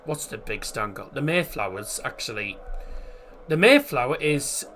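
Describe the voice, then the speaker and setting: A man with a Teesside accent hosting a live football watchalong, chatting easygoingly with ums and restarts, and reading team lineups in a steady list. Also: medium pitch, normal speed. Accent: Teesside English. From Middlesbrough, England. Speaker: watchalong host.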